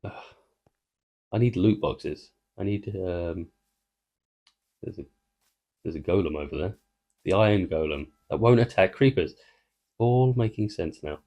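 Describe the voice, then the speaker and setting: The sound is lo-fi as a gaming video creator gives casual, rambling commentary while playing. His low voice is warm, his pace measured with frequent pauses, and he interrupts himself while attempting a joke.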